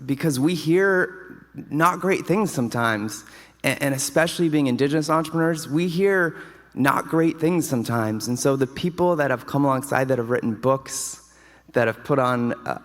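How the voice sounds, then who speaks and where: Male award recipient, mid-pitched, chatty and storytelling, in a reverberant ballroom. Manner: casual, storytelling, enthusiastic. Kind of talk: award acceptance speech. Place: large hotel ballroom. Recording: long hall reverb.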